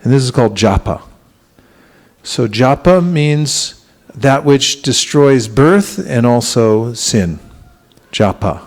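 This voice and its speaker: Unhurried man teaching a congregation. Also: medium pitch, animated. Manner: gentle, unhurried, with frequent restarts and questions to the audience. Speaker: spiritual teacher. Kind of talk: talk to a congregation. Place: temple hall.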